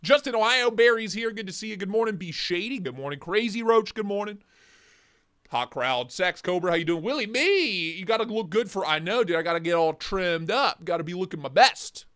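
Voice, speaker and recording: A man with a high voice hosts a relaxed morning livestream. He rambles and jokes as he greets viewers one by one, and his pitch swings a lot as he talks. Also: brisk. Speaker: livestream host. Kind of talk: casual morning livestream chat.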